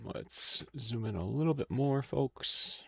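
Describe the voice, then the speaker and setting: Man, stream host, casual chat, slow, gravelly, thinking aloud. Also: mid-range voice, a bit bright, no room sound. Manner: thinks aloud, halting and unhurried. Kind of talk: casual livestream chat while designing cards.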